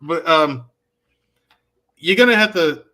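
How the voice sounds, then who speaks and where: A man with a slightly high, bright voice talks fast on a casual discussion panel. He builds his explanation in quick, stacked phrases. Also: expressive.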